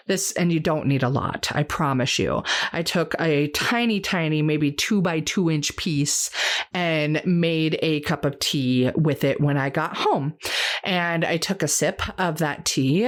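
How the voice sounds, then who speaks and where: A young adult woman hosting an herbal podcast, chatting casually and eagerly with lots of fillers. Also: sits low. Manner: chatty, enthusiastic, many fillers.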